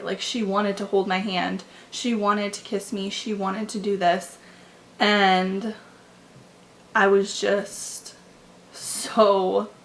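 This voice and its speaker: Young woman telling a candid story, gravelly. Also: medium pitch, a bit bright, slight background noise, poor audio. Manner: candid, halting, many likes and restarts. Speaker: vlogger. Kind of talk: personal storytime vlog. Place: bedroom with window open. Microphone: camera mic.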